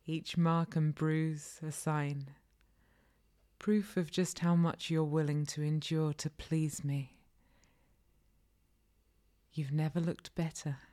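A woman voicing a slow, commanding dominant man. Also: deep voice, level tone, mellow. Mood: admiring.

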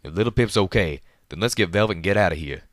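A man doing a drawling pegasus shouting orders. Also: low-pitched, brisk, no room sound, clean studio sound, lightly acted. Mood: urgent. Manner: loud, urgent, clipped. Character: Southern male pegasus fighter, shouting in battle.

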